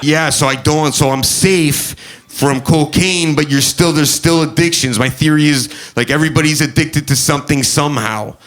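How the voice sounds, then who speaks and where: A man doing stand-up comedy on a club stage, with a halting, nervous delivery full of fillers. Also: fairly high pitch, fairly bright tone, slight background noise.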